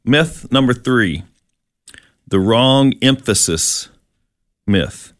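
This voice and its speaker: A man's voice: mid-range voice, animated, drawn-out words, no room sound, clean studio sound. A man co-hosting a Bible discussion, walking through verses one by one and putting questions to his partner in a casual teaching style. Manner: explains verse by verse and poses questions. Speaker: Bible study co-host.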